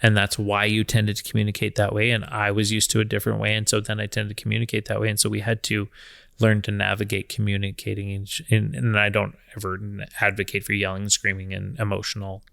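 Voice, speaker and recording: A man in his thirties talks calmly about marriage, his voice low and gravelly. His tone stays level and even, with restarts as he thinks aloud. The sound is close and dry. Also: quick pace, dry recording. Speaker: podcast co-host. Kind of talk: casual conversation about marriage.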